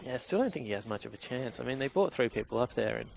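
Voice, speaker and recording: A man's voice: mid-range voice, lively intonation, rapid-fire, creaky, a little hiss or hum. A man giving analytical color commentary on an esports match, with dry teasing banter toward his co-caster.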